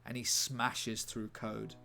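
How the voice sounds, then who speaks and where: A man's voice: fairly low pitch, level tone, slow, vocal fry, pushed and bright. Rambling, jokey man streaming. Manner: rambling, jokey, reads chat aloud. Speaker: streamer writing a script. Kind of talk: casual live-stream chat. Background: faint background music.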